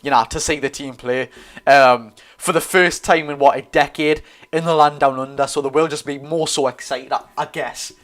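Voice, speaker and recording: Young man, Geordie accent, live football watch-along, excitable, chatty, slightly high voice. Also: moderate pace. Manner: excitable and chatty, reads viewer comments aloud. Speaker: streamer and host.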